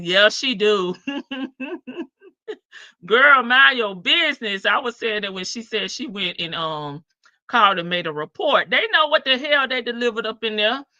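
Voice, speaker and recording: A woman hosts a live stream, teasing and sassy as she reacts. Her voice is very bright and lively in pitch, and she talks at an unhurried pace. The sound is dry and slightly dull. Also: dry recording. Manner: sassy, teasing, laughs often. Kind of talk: casual reaction commentary.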